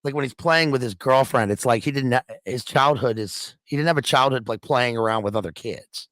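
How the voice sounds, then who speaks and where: A mid-pitched man chats as a guest on a movie review stream, jumping in with asides and quick comments. His voice sounds dry and close to the mic. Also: a bit bright, dry recording. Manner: chatty, jumps in with asides and laughs. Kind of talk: casual movie review chat.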